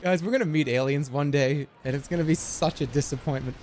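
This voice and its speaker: A man live-streaming, rambling excitedly and swearing freely in casual chat. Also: fairly high pitch, a little fast, faint music behind.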